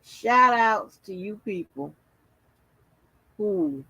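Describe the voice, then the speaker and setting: A woman's voice: medium pitch, lively intonation, drawn-out words, bright, forceful tone, breathy edge, dry recording, poor audio. A tired woman hosting a livestream, chatting loosely with viewers, swearing freely and talking through lots of fillers. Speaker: livestream host. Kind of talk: casual livestream chat with viewers.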